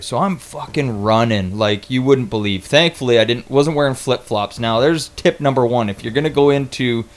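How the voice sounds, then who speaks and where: A young man recounts a travel mishap in a loose, casual vlog style. His voice sits in an ordinary middle pitch, and he swears freely, stumbling through restarts as he gets animated. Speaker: vlogger telling a travel story. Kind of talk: casual storytelling.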